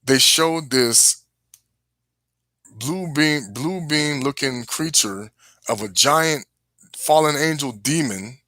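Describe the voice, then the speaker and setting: A man's voice: mid-range voice, takes it slowly, long pauses, pushed and bright, no echo. Earnest man warning his viewers, dry sound. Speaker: host of a religious live stream. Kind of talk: casual preaching to a live audience.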